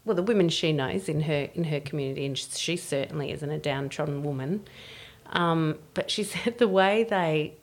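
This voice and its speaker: Aussie woman chatting, bit low voice, laughs a lot, does the voices in her stories. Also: moderate pace. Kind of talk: casual chat.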